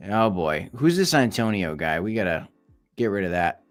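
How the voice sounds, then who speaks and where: A man's voice: low-pitched, very animated, moderate pace, faint music behind. A young man hosting a casual crypto livestream, chatting loosely and reacting to viewer comments as he reads them out.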